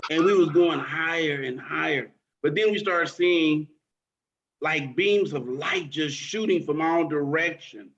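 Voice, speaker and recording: A man in a casual group chat, telling an excited, rambling story. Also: a little high, a little slow. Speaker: participant. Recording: dull lo-fi sound.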